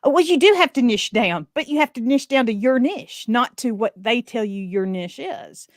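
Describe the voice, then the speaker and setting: A woman with a Southern accent, a guest in a casual interview, talking in a lively, joking way and laughing often. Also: a little high, moderate pace, no echo, clean studio sound.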